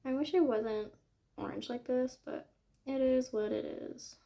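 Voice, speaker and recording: Young female book vlogger, slightly high voice, gushing, rambling casual chat. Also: fairly even intonation, unhurried, gravelly, warm tone. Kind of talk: casual chat while making a digital journal.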